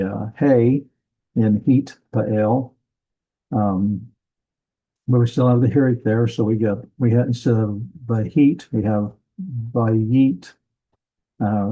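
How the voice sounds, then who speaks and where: A man teaching a slow classroom lesson, thinking aloud and correcting himself as he goes. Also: fairly low pitch, warm tone, rough recording. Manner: deliberate, thinking aloud with many ums and self-corrections. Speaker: Bible language teacher. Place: church classroom.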